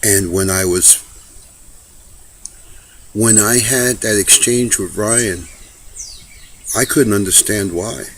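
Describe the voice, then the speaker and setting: A man's voice: on the low side, slow pace, long pauses, a bit bright, a little hiss or hum. Earnest man in a heartfelt message. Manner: impassioned, preachy, repeats himself. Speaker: speaker leaving a personal message. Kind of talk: earnest personal monologue.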